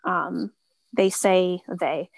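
A woman who practices Reiki talks casually and softly in an interview, with many filler words. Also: on the low side, fairly even intonation, extremely slow, vocal fry, no room sound. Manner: soft-spoken, lots of filler words. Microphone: remote call.

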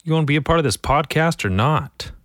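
A man's voice: on the high side, lively intonation, brisk, no echo, studio quality. A young man hosting a solo podcast, grumbling and swearing as he reads out local headlines. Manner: profane, irritable, grumbling. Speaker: podcast host.

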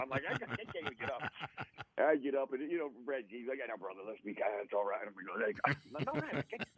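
A man, a former football player, telling an animated story as a guest, often laughing as he talks. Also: mid-range voice, low-quality recording. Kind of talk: casual storytelling.

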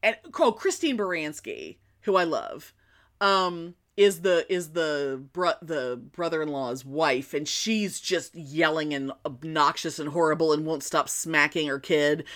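A woman retelling a film in casual chat, animated and rambling, often restarting her sentences. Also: low voice, unhurried.

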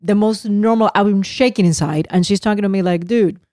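A middle-aged woman co-hosting a podcast in casual chat, animated and defensive as she tells her side. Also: medium pitch, dry recording, studio quality. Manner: animated storyteller, defensive, quick. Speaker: podcast co-host.

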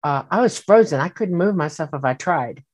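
A woman telling a personal story in casual speech, animated and acting out the voices she quotes, with many fillers. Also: deep voice, normal speed, husky. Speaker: guest recounting an experience.

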